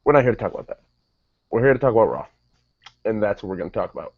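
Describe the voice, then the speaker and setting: A wrestling show reviewer gives a casual, rambling spoken review, frequently drifting off topic and correcting himself. His voice is fairly low and animated, and he talks very fast. The recording is dull, lo-fi and dry.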